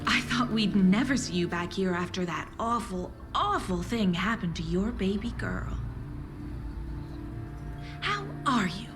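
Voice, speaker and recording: An actress playing a chatty, overfamiliar small-town waitress who talks in an oddly cheerful, gossipy way. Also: female voice, mid-range voice, expressive, unhurried, music in the background, close to an everyday voice. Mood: cheery.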